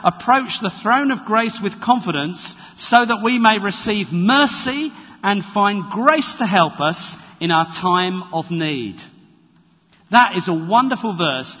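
Husky preacher in a church. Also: male voice, high voice. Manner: conversational, animated preaching with dramatized quotes. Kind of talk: sermon. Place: church hall. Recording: reverberant, dull lo-fi church recording.

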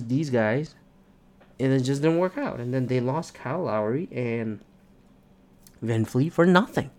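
A man hosting a solo sports podcast, ranting in frustration with heavy swearing and sudden loud outbursts. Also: mid-range voice. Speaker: podcast host.

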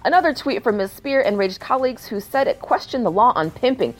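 A woman's voice: on the high side, lively intonation, fairly quick, soft background music. A woman commenting on news stories in a casual rant, reading passages aloud and breaking in with sarcasm and frequent swearing. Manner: sarcastic, swears often, shifts into mock outrage.

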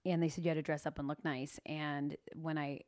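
Animated woman telling stories. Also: sits low, a little fast. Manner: animated storyteller, acts out quotes. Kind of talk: casual interview chat.

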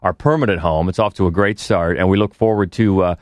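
Low-voiced man chatting on a podcast. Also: dry recording. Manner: halting, with many restarts. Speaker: podcast co-host. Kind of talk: casual chat.

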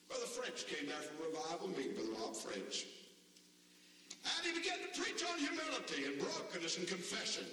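A man preaching a folksy revival sermon, his high, bright voice swooping widely and bursting into shouts. He sounds far from the microphone, and a long, echoing reverb fills the big hall. Faint noise sits under the recording. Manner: folksy storytelling, rising to shouted emphasis. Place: large church or convention hall. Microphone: far from the mic. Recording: distant mic in a very echoey hall with faint noise.

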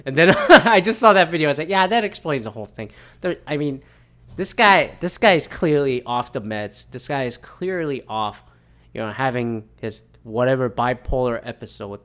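A man's voice: mid-range voice, animated, moderate pace, a bit bright. A man ranting casually about celebrity news, rambling and swearing often, with many fillers and restarts.

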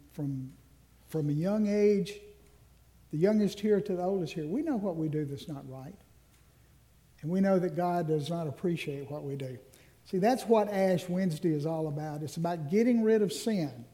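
Earnest high-voiced male preacher. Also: warm tone. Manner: earnest, slows down on key phrases. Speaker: minister. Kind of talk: Ash Wednesday sermon.

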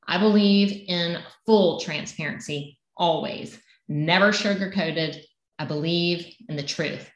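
A woman's voice: on the low side, takes it slowly. A middle-aged woman with a Southern American accent, earnestly co-hosting a health podcast and sharing her own story. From South Carolina. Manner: earnest, emphatic declarations. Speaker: health coach co-host. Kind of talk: podcast introduction and personal story. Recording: echoey room.

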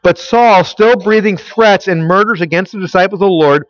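A man's voice: high voice, normal speed. A man preaching a sermon, asking the audience questions and filling in the answers himself. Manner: quizzes listeners, fills in his own questions. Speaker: pastor. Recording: dull lo-fi, dry.

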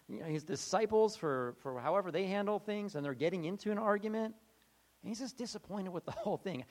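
Male pastor, casual sermon; higher voice with a lively, swooping delivery; talks off the cuff and acts out quotes. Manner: conversational, acts out quoted voices, many restarts.

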